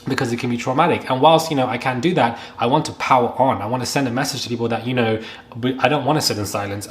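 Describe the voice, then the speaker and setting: Tearful young man vlogging. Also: medium pitch. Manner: earnest, halting, repeats himself. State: close to tears. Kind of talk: emotional to-camera commentary.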